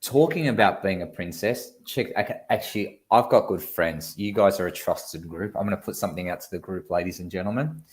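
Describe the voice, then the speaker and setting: An Australian man co-hosting a casual online chat show, telling a story with lively energy and casual swearing. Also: sits low, fairly quick, hardly any pauses. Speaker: co-host.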